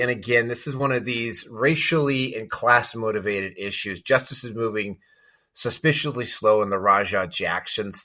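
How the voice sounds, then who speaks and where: A man's voice: fairly low pitch, sharp tone. A man hosting a podcast, chatting loosely through a list of topics with plenty of fillers and restarts. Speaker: show host.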